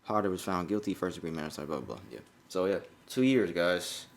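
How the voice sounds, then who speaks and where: A man's voice: deep voice, a little fast. An American man co-hosting a casual podcast, talking loosely with lots of ums and uhs. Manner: loose, rambling delivery with many fillers. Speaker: podcast co-host.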